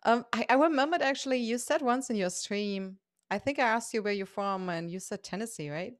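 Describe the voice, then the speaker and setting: A woman's voice: on the high side, a little fast, no room sound, studio quality. A woman hosting a podcast who asks her guest questions in a hesitant, thoughtful way, with many fillers. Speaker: podcast host. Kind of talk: casual podcast interview.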